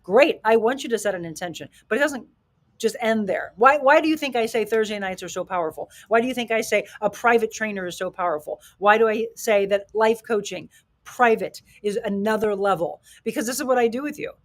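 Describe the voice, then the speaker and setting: Woman, talk radio host, motivational coach, emphatic and energetic, punchy delivery. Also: fairly quick. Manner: emphatic, energetic, acts out quotes with rising pitch.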